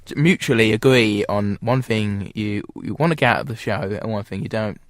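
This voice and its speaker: A man's voice: lowish voice, normal speed, no echo. Rambling young male radio host. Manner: rambling, laughing, loses track. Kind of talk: casual radio chat.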